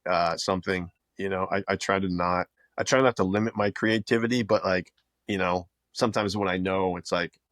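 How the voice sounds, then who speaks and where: Very deep-voiced relaxed man podcaster. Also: fairly quick, dry recording, studio quality. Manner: relaxed, rambling, many restarts and fillers. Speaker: podcast co-host, video producer. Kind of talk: casual podcast chat.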